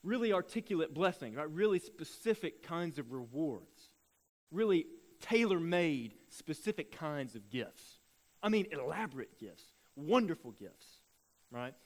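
Pastor with a high-pitched voice, animated preacher who acts out his stories. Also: a little slow. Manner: animated storytelling, acting out voices. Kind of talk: sermon.

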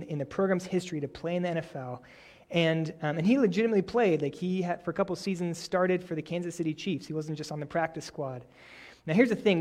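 High-voiced man preaching a lively sermon. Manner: prays softly, then preaches with rising energy and animated stories. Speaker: pastor.

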